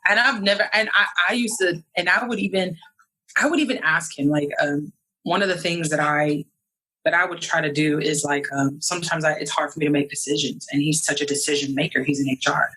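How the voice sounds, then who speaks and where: A woman's voice: low voice, fairly even intonation, fairly quick, sharp tone, husky, poor audio. A young woman from New York, a guest in a casual interview, talking animatedly and acting out quoted voices. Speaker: podcast guest.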